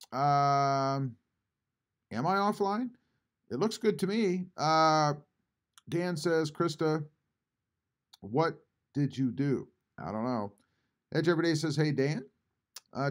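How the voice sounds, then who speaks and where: A man hosting a casual live stream from home, reading chat messages aloud and answering them with frequent pauses. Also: fairly high pitch. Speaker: YouTube channel host reading live chat. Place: home, at a computer.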